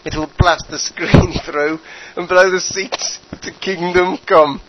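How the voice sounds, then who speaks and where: A man's voice: high voice, steady tone, slow pace, highs cut off, very noisy. A man voicing a pompous, bumbling dictator who addresses his troops with grand speeches. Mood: scheming. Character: pompous bumbling male dictator, middle-aged.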